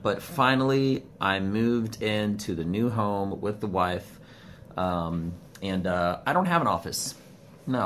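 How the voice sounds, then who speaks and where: Man, low-ish voice, swears freely, rambles and spikes up when worked up, filming himself on a phone at home with a faint hum behind. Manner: profane, rambling, animated swings in pitch. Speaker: vlogger. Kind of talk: casual ranting monologue. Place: home studio room, indoors. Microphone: phone camera.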